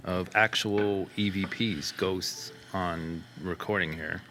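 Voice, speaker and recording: A man's voice: sits low, fairly even intonation, slow pace, music in the background. A man hosting a casual podcast, joking around in a crude, irreverent way. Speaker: podcast host.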